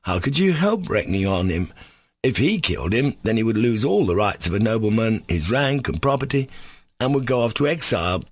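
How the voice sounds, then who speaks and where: A man voicing a sickly, insolent male servant who speaks slowly and sarcastically with controlled defiance. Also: fairly low pitch, sing-song, dry recording. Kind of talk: audiobook character reading.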